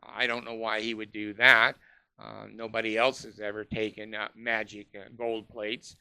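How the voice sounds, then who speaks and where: A man's voice: on the low side, level tone, normal speed, creaky, pushed and bright, smooth. A man delivering a scornful, profane ranting monologue, full of uh fillers. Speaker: commentator.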